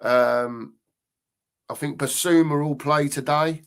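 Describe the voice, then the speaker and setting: A man's voice: a little high, fairly even intonation, slow, vocal fry, clean tone. Older man, live-stream host; rambling, repetitive, chatty delivery. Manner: rambling, repeats phrases, chatty. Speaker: fan channel host reading live comments. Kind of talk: casual live-stream chat.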